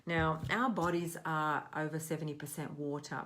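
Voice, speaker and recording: Woman, low voice, self-help coach, earnest, rambling, restarts sentences. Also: level tone, moderate pace, fairly bright tone. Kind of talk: casual self-help talk.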